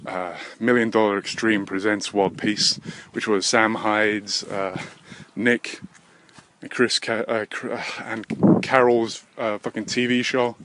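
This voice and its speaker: A young man with a lowish voice rambles along as he walks, swearing freely and running himself down between tangents. Wind buffets the camera mic outdoors, and traffic passes by. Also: steady tone, takes it slowly, a bit bright. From England. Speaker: vlogger. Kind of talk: rambling walk-and-talk monologue. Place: outdoors, walking by a road in the wind. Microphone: handheld camera while walking. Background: wind and passing traffic.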